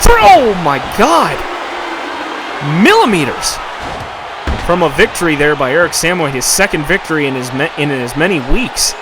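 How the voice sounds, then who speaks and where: A man doing play-by-play commentary for a video game wrestling show, getting excited and shouting at the big moments. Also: a little high, moderate pace, background noise. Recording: loud music and crowd behind.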